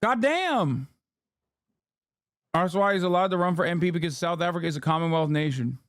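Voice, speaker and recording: A man's voice: fairly high pitch, steady tone, racing, clean tone, no room sound, studio quality. A man in his thirties giving casual livestream commentary as he reacts to a video, blunt and exasperated, swearing freely.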